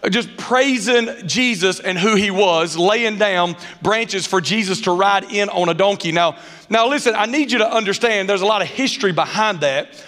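A high-pitched man with a drawl preaches from the pulpit, telling funny stories with loose country grammar and lively acted-out quotes. His voice rings through a big church hall with a long echo behind it. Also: normal speed. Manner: animated storyteller, dialect grammar, acts out quotes. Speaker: pastor. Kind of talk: sermon with humorous personal stories. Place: church sanctuary. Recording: reverberant hall sound.

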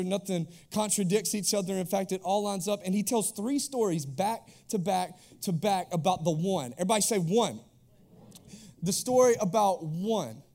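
A man preaching a sermon as a youth pastor in church, energetic and conversational with playful asides. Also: high-pitched.

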